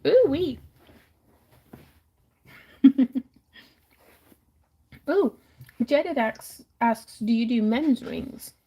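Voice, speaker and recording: A woman's voice: sits high, lively intonation, very slow, long pauses, warm tone, husky. A woman hosting a live jewelry auction stream in a casual, giggly, self-deprecating way.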